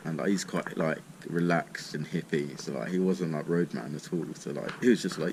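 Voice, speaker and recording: A man's voice: extremely low pitch, fairly even intonation, normal speed, few pauses. A man telling a rambling, sweary story in a laid-back way, smoking as he talks. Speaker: vlogger. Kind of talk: casual storytime. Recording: noticeable background noise.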